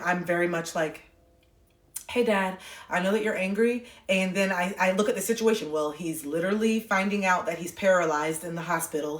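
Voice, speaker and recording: A woman's voice: lowish voice, roomy sound. A woman speaking earnestly and from the heart on a phone livestream, swearing casually as she talks. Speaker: livestream host. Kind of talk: candid livestream monologue.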